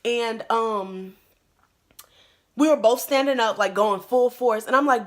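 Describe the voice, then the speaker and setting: A young woman vlogger telling a story in casual, slangy chat, animated and acting out her own quotes. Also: a little high, a little slow, pauses often. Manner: animated, acts out quotes in a louder voice; slangy, lots of "like" and "bro". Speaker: YouTuber.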